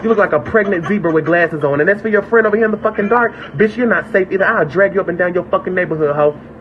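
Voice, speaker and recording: A man's voice: sits high, fast. Camp, mocking man roasting callers. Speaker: livestream host. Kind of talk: trash-talking livestream roast. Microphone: phone. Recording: muffled phone audio with noise.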